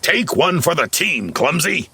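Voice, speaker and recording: A man's voice: deep voice, very animated, moderate pace, bright, forceful tone, no echo, exaggerated voice. A man voicing a grumbling, pessimistic male Smurf in an audio storybook, whining and groaning. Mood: mocking. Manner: whiny, groaning.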